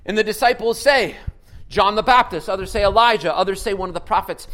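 A man's voice: high voice, fairly quick, a bit bright, poor audio. A man preaching a sermon with energy, asking the congregation questions and reading scripture aloud with dramatic emphasis. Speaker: pastor.

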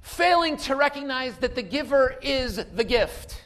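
A man preaching a sermon without notes, moving between quiet asides and loud emphatic calls. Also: very high-pitched, lively intonation, unhurried. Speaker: pastor.

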